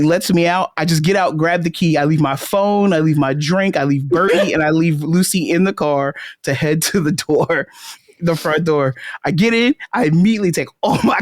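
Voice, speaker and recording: A woman's voice: lowish voice, no echo, clean studio sound. A woman co-hosting a casual chat podcast, telling a story with lots of laughter and acted-out quotes. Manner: animated storyteller, laughs often, acts out quotes. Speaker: podcast co-host.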